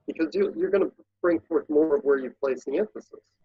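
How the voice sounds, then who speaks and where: A man speaking as an interview guest, coaching listeners in an animated, emphatic way. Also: a little high, fairly quick, breathy edge, no room sound, muffled recording. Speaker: guest, productivity speaker and consultant. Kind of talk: casual interview talk.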